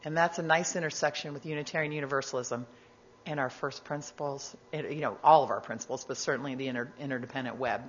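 Woman guest speaker with a low voice, gentle sermon delivery, dull lo-fi recording. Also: a little hiss or hum. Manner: gentle, measured, conversational with asides. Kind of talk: reflective sermon talk.

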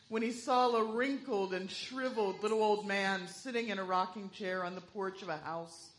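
A woman's voice: mid-range voice, a little hiss or hum. A woman leading part of a church service. She tells a story-style joke with an easy narrating rhythm and then moves into matter-of-fact offering announcements. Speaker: worship leader.

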